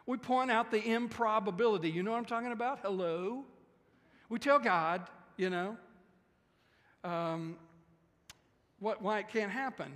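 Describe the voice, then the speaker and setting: High-voiced pastor preaching in a reverberant hall. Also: male voice. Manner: animated, acts out quoted voices, repeats words. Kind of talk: sermon.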